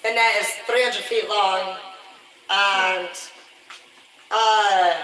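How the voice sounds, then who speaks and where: A man's voice: high voice, sharp tone. Profane man rambling in an echoey room. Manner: profane, loose and boastful. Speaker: livestreamer, former commercial fisherman. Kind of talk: rambling live-stream storytelling. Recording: echoey, distant, noisy room.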